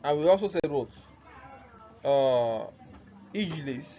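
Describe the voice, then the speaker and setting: In a classroom-style Arabic grammar lesson, a man with a fairly high, warm, expressive voice teaches slowly, repeatedly asking "what?" and answering himself while repeating the key terms. The recording sounds muffled and lo-fi, with faint noise.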